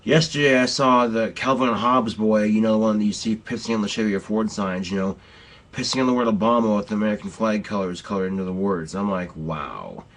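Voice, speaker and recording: Lowish voiced guy ranting, swears a lot, rambles all over. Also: steady tone, fast. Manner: blunt, profane, rambling. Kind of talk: casual vlog rant.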